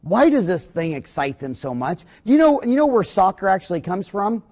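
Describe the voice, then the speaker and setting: A man's voice: sits high, very animated, moderate pace, a little mellow. A man, a dentist, giving a rambling, blunt and folksy business lecture full of anecdotes.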